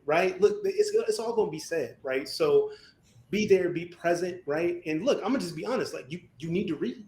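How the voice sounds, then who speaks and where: A man co-hosting a podcast, talking in an animated, emphatic way and often asking "right?". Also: fairly quick. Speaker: podcast co-host. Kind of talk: casual podcast discussion. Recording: echoey room, faint rumble.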